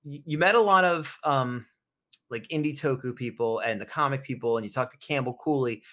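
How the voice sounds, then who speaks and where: Sleepy guy co-hosting a chat show, talks fast, keeps jumping in. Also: mid-range voice, fairly bright tone. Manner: chatty, jumps in with quick responses. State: tired, yawning. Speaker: co-host. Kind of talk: casual podcast chat.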